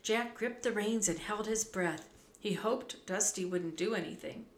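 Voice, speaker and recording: Slow-reading woman storyteller in an echoey room. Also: medium pitch. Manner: measured, clear, expressive. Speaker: narrator. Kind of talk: storybook read-aloud. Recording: roomy echo, faint background hum.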